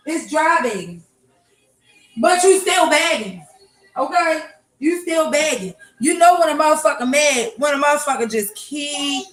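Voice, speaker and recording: A livestream host with a high, slightly bright voice rants bluntly and with profanity to her chat during a casual morning stream. She's at home in her kitchen, and the room is echoey with faint noise.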